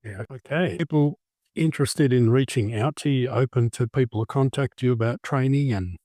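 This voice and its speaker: A man's voice: mid-range voice, normal speed, dark tone, no echo, clean studio sound. A man hosting a podcast interview, joking and telling long anecdotes in casual chat. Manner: jokey, tells long anecdotes. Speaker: podcast host.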